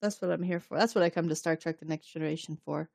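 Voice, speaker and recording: A woman co-hosting a podcast, retelling an episode in a casual, animated way and acting out the quotes. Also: low-pitched, fast, vocal fry, dry recording, clean studio sound. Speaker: podcast co-host. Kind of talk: casual recap chat.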